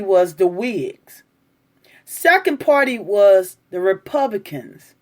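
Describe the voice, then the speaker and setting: A woman's voice: medium pitch, very animated, slow. A woman doing live-stream commentary, reacting to the news and arguing back at her viewers' comments in an indignant, lecturing way.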